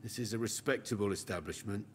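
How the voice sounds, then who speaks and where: An actor playing a chatty, gruff male barkeeper who talks bluntly. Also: on the low side, fast, noisy background, natural voice. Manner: blunt, folksy talk.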